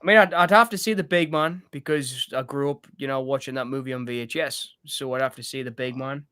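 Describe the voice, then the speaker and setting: A man's voice: medium pitch, fairly quick, bright, forceful tone, clean tone. A man chatting casually about films as co-host, laughing often and trailing off. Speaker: podcast co-host. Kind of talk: casual chat.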